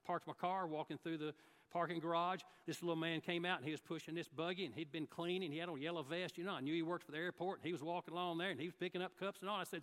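A man's voice: on the high side, quick pace, fairly bright tone, in a large hall. A man preaching a sermon, telling folksy stories and acting out the people he quotes. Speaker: guest preacher. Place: church sanctuary.

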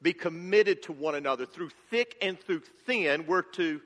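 A man's voice: on the high side, expressive, moderate pace, a bit bright, in a large hall. A male pastor preaching a sermon with enthusiastic, folksy humor.

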